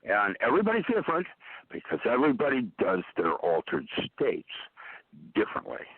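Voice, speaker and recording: A man's voice: medium pitch, wildly swooping pitch, fairly quick, slightly rough, dry recording. An older man, a guest on an interview show, explaining his ideas in a lecturing way and using metaphors. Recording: tinny phone line.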